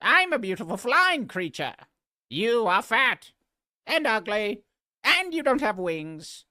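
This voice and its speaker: A man voicing a haughty male butterfly who taunts a caterpillar with shouted insults, in a mocking put-on voice on a livestream. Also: sits high, big pitch swings, slow, no room sound, studio quality, voice pushed up, heavily acted. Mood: sneering.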